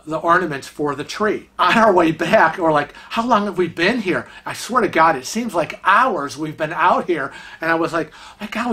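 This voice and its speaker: A middle-aged man, a vlog host, casually telling a travel story and acting out the people in it. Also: fairly high pitch. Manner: animated, acts out quoted voices.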